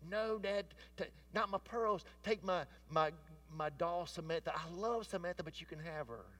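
A man's voice: high voice, moderate pace, fairly bright tone, voice pushed up. A man voicing a five-year-old girl who pleads to keep her pearls, heard from a distance. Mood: pleading.

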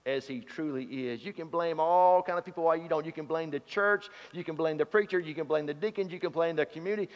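A man preaching a sermon, telling stories and swinging from loud to hushed. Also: fairly high pitch, fairly quick, few pauses. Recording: dull sound in a reverberant hall.

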